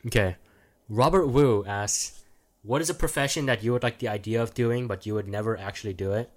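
A man's voice: on the low side, fairly quick. A young man hosting a casual podcast, reading out listener questions and rambling with slang and frequent laughs. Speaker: podcast host.

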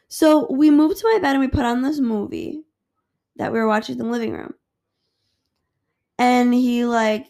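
A woman tells a story on her podcast with a slightly high, gravelly voice. She speaks in a loose, rambling way and swears freely. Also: steady tone, brisk, a little mellow. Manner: candid, profane, rambling. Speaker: podcast host. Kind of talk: casual storytelling.

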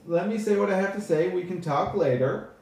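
A man voicing a pompous male high elf paladin who runs a school, speechifying and sternly scolding interruptions. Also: fairly quick, darkish tone. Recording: echoey room from far off.

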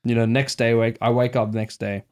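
A man's voice: mid-range voice, little pitch movement, a little fast, a little mellow. A young man telling his mates a story in casual chat, swearing a lot and acting out his own panicked thoughts. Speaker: podcast host.

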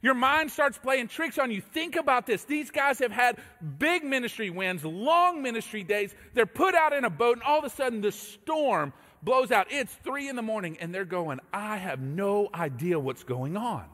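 A high-voiced male pastor delivers a sermon with lively, swooping pitch. He tells stories in an animated way and acts out the voices in them. His voice carries a long echo, as if he is in a large church sanctuary. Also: moderate pace, few pauses. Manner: animated storytelling, acting out voices. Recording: echoey hall reverb.

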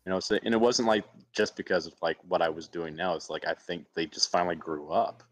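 A man's voice: deep voice, steady tone, fairly quick, no room sound. A man from Alabama, an actor, telling personal stories in a casual interview. He laughs often and acts out other people's voices.

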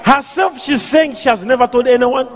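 A man preaching and prophesying at a live church service, commanding and repetitive, often shouting. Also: very high voice, moderate pace, a faint crowd. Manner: commanding, repeats questions, shouts phrases. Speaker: pastor and prophet.

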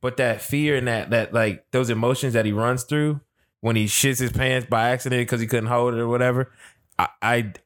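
A man's voice: medium pitch, fairly even intonation. Earnest man with a mid-range voice. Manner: earnest, halting, swears. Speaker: father. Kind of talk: casual podcast chat.

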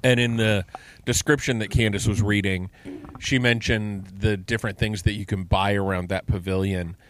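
A man's voice: fairly low pitch, fairly even intonation, moderate pace, a little hiss or hum. A middle-aged man co-hosting a podcast, chatting casually and enthusiastically and asking lots of questions. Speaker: podcast co-host. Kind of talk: casual chat.

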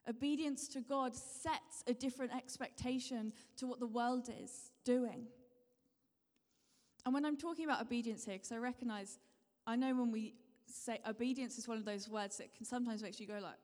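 A woman's voice: on the high side, steady tone, normal speed, darkish tone. Woman preaching in a reverberant hall. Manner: repetitive, encouraging, asks the congregation questions. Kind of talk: sermon.

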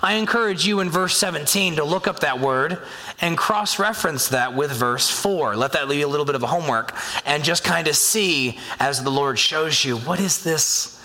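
A man preaching a sermon as a pastor, talking in a conversational, animated way and acting out inner voices. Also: medium pitch. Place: church sanctuary. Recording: long hall reverb.

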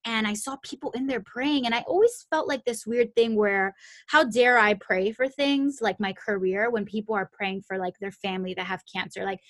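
A woman's voice: mid-range voice, moderate pace, a bit bright, no echo. A young adult woman hosting a podcast, telling a personal story in a casual, chatty way, full of "like" and "um" and frequent restarts. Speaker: podcast host.

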